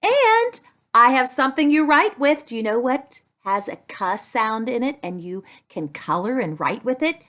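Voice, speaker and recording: A woman speech-language pathologist teaching young children a speech sound with toys, talking slowly and stretching her sounds. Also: fairly high pitch, very animated, a bit bright.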